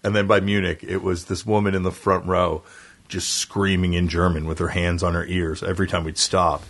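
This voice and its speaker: A man's voice: deep voice, level tone, a little fast, fairly bright tone. A man, a touring musician, telling road stories in casual chat, laughing through them and acting out what people said. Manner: laughs through his stories, acts out quotes.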